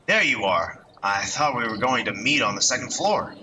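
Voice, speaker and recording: A man's voice: mid-range voice, expressive, moderate pace, background noise, lightly acted. A man reading a visual novel aloud, voicing a pushy young man who talks with urgent familiarity.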